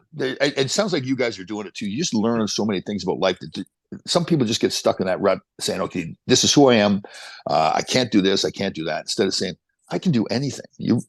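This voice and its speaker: A man in his sixties, a podcast guest and motivational speaker, telling stories in an energetic, motivational way. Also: lowish voice, dry recording. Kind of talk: casual chat, storytelling.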